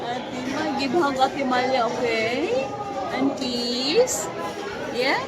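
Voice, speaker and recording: A woman's voice: high-pitched, lively intonation, takes it slowly, a loud crowd. A woman filming a casual family vlog, coaxing a small child and chatting with her husband, laughing often. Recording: crowded noisy public space.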